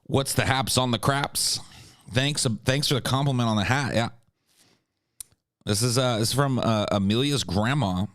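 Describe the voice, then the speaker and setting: A man's voice: medium pitch, normal speed, fairly bright tone, no echo. Man, stream host, crude and sarcastic, dry close sound. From United States. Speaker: livestream host. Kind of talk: casual stream chat, reading viewer comments.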